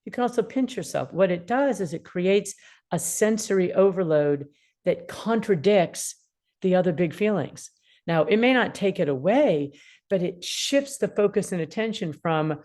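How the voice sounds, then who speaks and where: Low-voiced woman in her sixties. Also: normal speed. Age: 60s. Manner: animated, acts out quoted feelings. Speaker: attorney mediator and parenting guest. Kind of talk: explaining parenting advice.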